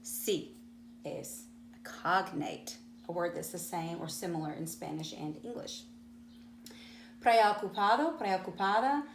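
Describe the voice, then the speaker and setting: A Spanish teacher with a Southern US accent, a woman who patiently explains and asks her class questions. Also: fairly low pitch. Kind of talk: classroom lesson to students. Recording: echoey room with faint hum.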